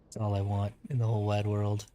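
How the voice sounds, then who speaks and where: A man's voice: fairly low pitch, completely flat delivery, fairly quick, warm tone. An American man streaming a survival game, ranting and swearing casually about broken updates. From United States.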